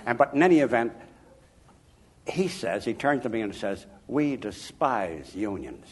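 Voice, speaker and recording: An older man from Chicago, an author interviewed about his life, telling anecdotes in an emphatic, animated way. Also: medium pitch, normal speed, slight background noise. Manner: animated, emphatic, chuckling raconteur. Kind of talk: anecdotal storytelling.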